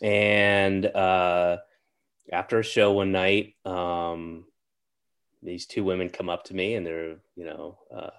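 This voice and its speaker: A middle-aged man with a fairly low voice, chatting as an interview guest. He talks in a halting, meandering way, full of fillers and restarts. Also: level tone, a bit bright, clear, resonant tone. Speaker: interview guest, comedian and actor. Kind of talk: casual interview chat.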